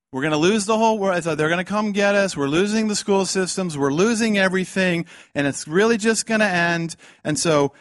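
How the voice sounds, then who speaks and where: A man preaching a fiery sermon, swinging between loud outbursts and hushed lines and acting out the voices he quotes. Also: high-pitched, no room sound, clean studio sound.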